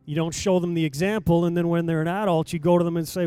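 Pastor, male, high mellow voice, sermon delivery building to loud exhortation; dry pickup, faint music under. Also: fairly even intonation, normal speed, long pauses, smooth. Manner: preaching, rising to loud exhortation when reading scripture. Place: church sanctuary.

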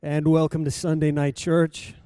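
A pastor welcoming his church and reading a Bible passage aloud, his voice rising for the calls and dropping low between them. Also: level tone, normal speed, warm tone, smooth. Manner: dramatic reading, voice rising and falling with the story. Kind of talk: sermon scripture reading.

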